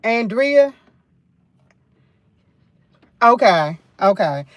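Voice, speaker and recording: A woman's voice: a little high, sing-song, extremely slow, no echo, muffled recording. Chatty New woman livestreaming. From New York. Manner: chatty, repeats phrases, rambling storytelling. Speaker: livestream host. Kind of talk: casual live chat.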